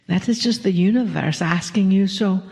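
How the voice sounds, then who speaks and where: Brief: woman channeler, gravelly edge, slow and soothing with soft whispers, long hall reverb. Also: mid-range voice. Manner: speaks as a collective "we", slow and soothing, drifts into whispers, chuckles often. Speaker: spiritual channeler. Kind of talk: channeled spiritual message to a live audience. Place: live venue with an audience.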